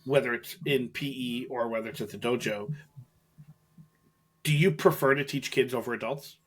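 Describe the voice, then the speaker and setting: A man hosting a podcast, asking short, relaxed questions and giving quick acknowledgments. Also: medium pitch. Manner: brief, relaxed questions and backchannel replies. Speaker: podcast host. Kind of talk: interview questions.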